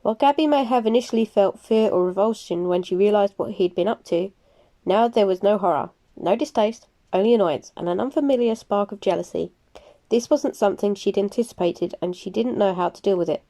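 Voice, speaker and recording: A woman's voice: mid-range voice, a little fast, warm tone. Chatty woman reading a novel aloud. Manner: chatty, self-deprecating. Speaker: book reader and crafting channel host. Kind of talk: audiobook narration.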